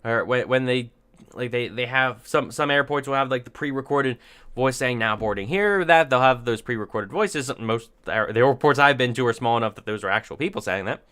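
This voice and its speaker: A man's voice: mid-range voice, fairly quick, sharp tone, smooth. A man giving unscripted opinion commentary, thinking aloud in rambling sentences with many restarts and dry, sarcastic asides. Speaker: commentary vlogger.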